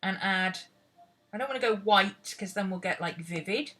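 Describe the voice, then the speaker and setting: A woman's voice: mid-range voice, normal speed, bright, forceful tone. A British woman teaching painting in a casual, rambling tutorial, chatting and talking to herself as she works. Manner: chatty, rambling, talks to herself while searching. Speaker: art teacher.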